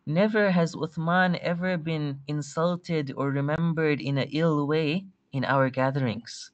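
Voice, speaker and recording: A man's voice: a little high, steady tone, a little slow, hardly any pauses, no echo, highs cut off. A man teaching a religious studies class, retelling a story and quoting Arabic texts with many restarts and repeated words. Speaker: instructor. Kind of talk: recorded religious studies lecture.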